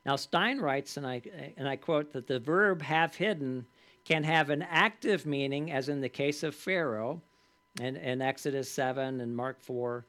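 In a medium-pitched, slightly bright voice, a man leads a casual, conversational Bible study. Quick tag questions check in with the group, and scripture read aloud gets added emphasis.

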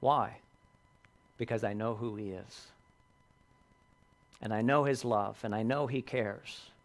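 A man preaching a sermon, earnest, lifting his voice for emphasis and dropping low on key lines. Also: slow. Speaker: pastor.

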